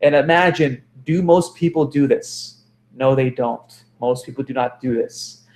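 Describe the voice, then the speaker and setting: A man's voice: medium pitch, a little slow, darkish tone, roomy sound. A man giving a motivational self-help talk, repeating phrases for emphasis and correcting himself as he goes.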